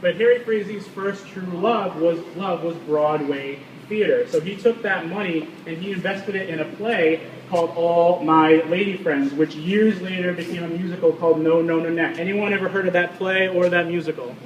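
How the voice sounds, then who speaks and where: A man's voice: sits high, moderate pace, few pauses, dull audio. A man leading a guided ballpark tour, telling stories and quizzing the group. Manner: storytelling, quizzes the crowd. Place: outdoors at a ballpark. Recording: distant and echoey, with background noise.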